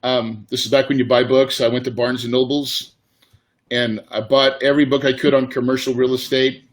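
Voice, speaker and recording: A man's voice: medium pitch, flat delivery, moderate pace. Guy in his 40s or so telling his story, keeps saying dude and man, pretty emotional. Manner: casual, emotional, says dude and man often. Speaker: real estate investor and guest. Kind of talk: candid storytelling monologue.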